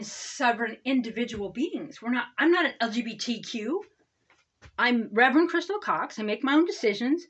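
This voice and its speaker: Impassioned high-voiced woman preacher. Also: dull audio. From United States. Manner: impassioned, repetitive "okay?" asides, swings from loud to low. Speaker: all-faith pastor. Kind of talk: ranting sermon-style talk.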